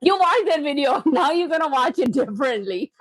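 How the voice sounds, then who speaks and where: A woman hosting a live cooking stream from her home kitchen, excitable and loud, often laughing at herself as she chats with viewers. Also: sits high, no echo.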